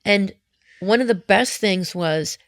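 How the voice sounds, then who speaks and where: A woman's voice: mid-range voice, slow pace, no room sound, studio quality. A middle-aged woman, a mother, talking earnestly and reflectively as an interview guest. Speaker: guest, mother of an autistic daughter. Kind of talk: candid interview talk.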